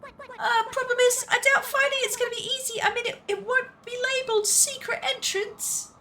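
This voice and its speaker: A woman voicing an excitable young female adventurer sidekick, reading game dialogue in a chirpy, quick, high-pitched manner. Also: a little hiss or hum.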